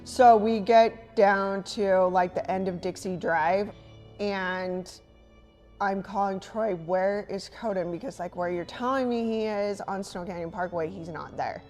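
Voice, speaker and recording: A woman in a documentary interview, retelling events in a subdued, quiet way. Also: medium pitch, measured pace, soft background music.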